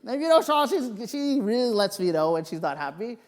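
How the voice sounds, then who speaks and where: A male pastor preaching a sermon, telling personal stories in an animated, joking way. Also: high-pitched, fairly quick. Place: church sanctuary. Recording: long reverb of a church hall.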